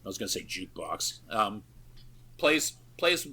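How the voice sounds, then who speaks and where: In a lowish, sing-song voice that's sharp and slightly rough, a male podcast co-host talks at a measured pace. His casual film recap is profane and loose, sprinkled with fillers and quick laughs.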